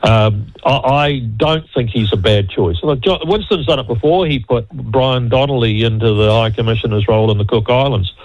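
A man's voice: medium pitch, normal speed, hardly any pauses, darkish tone, dry recording. An older man speaking bluntly and emphatically as a panelist in a political radio discussion. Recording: dull dry radio studio sound.

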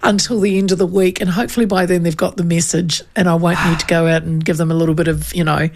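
A woman radio host chatting casually and telling stories in an animated way. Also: fairly low pitch, fast talker, creaky. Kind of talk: casual chat.

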